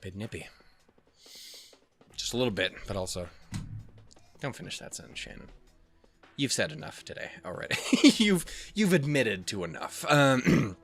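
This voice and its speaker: A man's voice: fairly low pitch, sing-song, normal speed, a bit bright, faint music behind. Young man rambling through a visual novel. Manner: rambling, swears a lot, jokes and laughs at himself. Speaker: let's play host. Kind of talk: casual gameplay commentary and reading game text.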